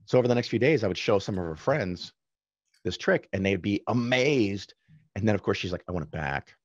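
A man guest on a podcast, casually telling anecdotes with quick asides and self-corrections. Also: fairly low pitch, dry recording, highs cut off. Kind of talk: casual storytelling in conversation.

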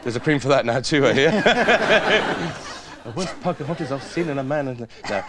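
A man's voice: a little high, animated, normal speed, over a noisy crowd. A Scottish man chatting as a talk show guest, joking and dropping into voices. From Scotland. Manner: jokey, slips into voices and quotes. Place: TV studio with live audience. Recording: studio audience, loud ambience. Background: audience laughter.

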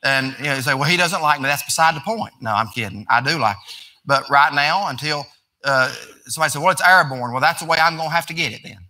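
Bright-voiced pastor preaching folksy. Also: male voice, mid-range voice, fast talker. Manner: conversational, folksy, rising to emphatic preaching. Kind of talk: folksy sermon.

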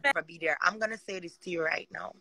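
A woman's voice: fairly low pitch, fast talker, bright, forceful tone. A Jamaican woman talking casually on a live chat, emphatic and rambling.

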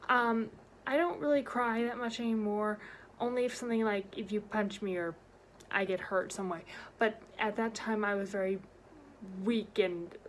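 A woman vlogger telling a personal story in an animated, expressive way. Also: a little hiss or hum. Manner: animated, expressive storytelling with big pitch swings. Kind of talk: storytime vlog.

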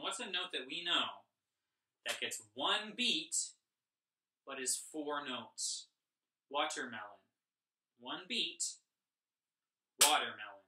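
A young man teaches an online music lesson to children from a room at home, upbeat and chanting rhythm syllables as he counts out notes. His mid-range voice sounds pushed and bright, a bit far from the mic in an echoey room with slight background noise.

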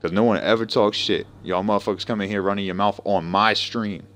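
A man's voice: on the low side, fairly even intonation, brisk, fairly bright tone. A young man streaming a game live, ranting profanely and confrontationally at people in his chat and voice chat. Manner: profane, confrontational, trash-talking.

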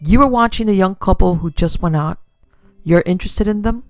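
A woman voicing a soft-spoken, overly polite gangster in a pulp detective story. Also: medium pitch, a little fast, no echo, faint music behind, voice pushed up, lightly acted. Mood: smooth menace.

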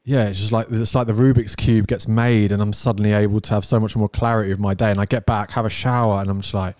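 A man's voice: fairly low pitch, fairly even intonation, fast talker, a little mellow, no room sound, studio quality. A young man in casual chat, speaking eagerly and explaining with vivid everyday comparisons. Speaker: podcast co-host.

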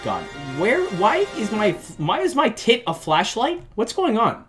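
Male let's-play host, lively swooping delivery, excitable and jokey, faint music behind. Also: high-pitched, a little slow. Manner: excitable, jokey, bursts into shrieks and laughter. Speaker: gaming channel host.

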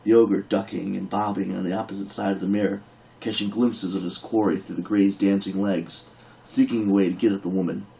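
A man's voice: low voice, little pitch movement, fairly quick, gravelly, a little mellow, low-quality recording. A man reading a fantasy novel aloud as an audiobook narrator, dramatic in action scenes.

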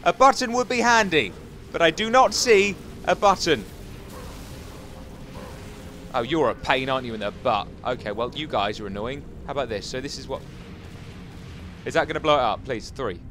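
A man giving jokey, excitable commentary as he plays a video game, chatting to his viewers and taunting enemies. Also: medium pitch, moderate pace, pauses often, a little hiss or hum. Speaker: gaming YouTuber. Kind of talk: casual Let's Play commentary.

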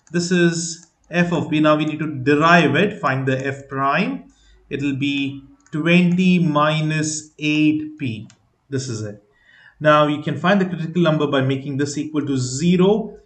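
A man's voice: a little high, fairly bright tone, echoey room. A man teaching a math lesson step by step, patient, asking rhetorical questions and using many fillers. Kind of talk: explaining step by step.

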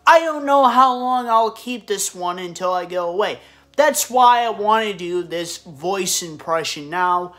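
A man's voice: high voice, unhurried, sharp tone. A man talking casually to camera as a video creator, rambling and stumbling over his words. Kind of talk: casual vlog talk.

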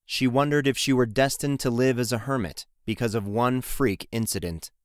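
A man narrating a fantasy audiobook in a measured, steady way. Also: medium pitch, clean tone, dry recording, studio quality. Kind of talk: scripted narration.

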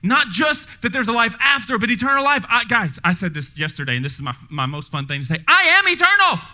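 A male pastor preaching a sermon to his congregation in a church, energetic and joking, speaking directly to the people in the room. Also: extremely high pitch, quick pace. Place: church sanctuary before a congregation.

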